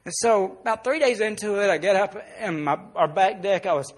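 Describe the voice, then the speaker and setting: A male pastor preaching a sermon, telling a personal story and dropping soft and low in the emotional parts. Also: a little fast.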